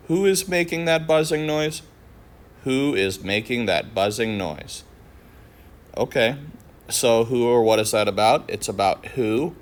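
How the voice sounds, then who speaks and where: A man teaching a grammar lesson, walking through each sentence with patient questions and answers. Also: mid-range voice.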